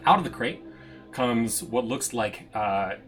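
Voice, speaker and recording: A man's voice: medium pitch, slow pace, a bit bright, faint music behind. A man narrating as game master of a tabletop game, hesitant and full of fillers.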